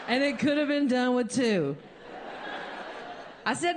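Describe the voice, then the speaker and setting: A woman telling a long comic story on stage as a stand-up comedian, animated and jumping high in pitch when she acts out quotes. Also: a little slow, pauses often, background noise.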